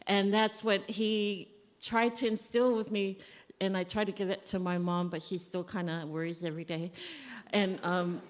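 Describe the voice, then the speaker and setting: A woman speaks at a family funeral in a church, her voice trailing off into a long hall reverb. She talks in a mid-range voice and tells stories about her father in a loose, conversational way, acting out the remembered dialogue. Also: mid-range voice. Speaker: daughter giving a eulogy. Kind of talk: eulogy at a family funeral service.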